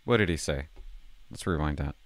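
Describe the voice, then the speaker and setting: A man's voice: a bass voice, animated, normal speed, no room sound, studio quality. An older retired man rambling casually to his camera, stumbling over words and swearing now and then. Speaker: retired vlogger playing hotline calls.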